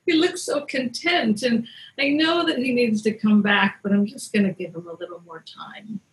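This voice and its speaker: A woman's voice: a little high, normal speed, lightly acted, low-quality recording. A woman storyteller voicing Brahma, a male god who talks in a hesitant, easygoing, agreeable way. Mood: fond. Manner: hesitant, laid-back, agreeable.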